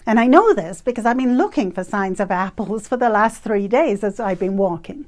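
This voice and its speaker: A woman in her fifties from Canada, telling a personal story in an animated, emphatic way with bursts of laughter. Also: medium pitch, moderate pace. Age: 50s. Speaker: retreat facilitator.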